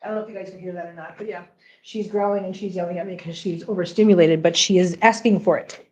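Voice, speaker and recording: A woman's voice: on the low side, steady tone, quick pace, darkish tone, slightly rough. A woman hosting a casual livestream chat from home, talking to viewers and cooing baby talk to her cat, laughing often. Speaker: cat channel host. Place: home, on the floor.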